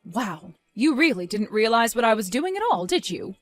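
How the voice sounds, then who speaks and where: A woman voicing a calm but stern mother in her fifties who scolds her daughter in a reproachful tone. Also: on the high side, normal speed, soft background music. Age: 50s. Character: disappointed mother near retirement, stern.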